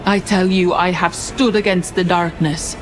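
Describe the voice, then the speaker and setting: A woman voicing a guilt-ridden old man who protests and pleads against his accusers, in a slow storybook reading. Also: lowish voice, steady tone, faint music behind, natural voice. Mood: desperate.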